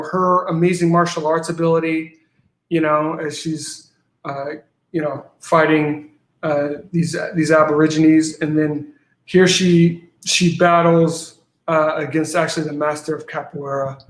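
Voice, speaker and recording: A man's voice: fairly high pitch, fairly even intonation, a little slow, roomy sound. A man, a guest creator, eagerly explaining his work in casual interview chat, often repeating words as he goes.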